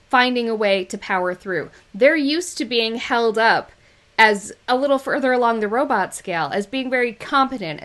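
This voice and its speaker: A woman's voice: a little high, fairly bright tone. A woman hosting an interview, asking long, thoughtful questions in a casual way. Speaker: host.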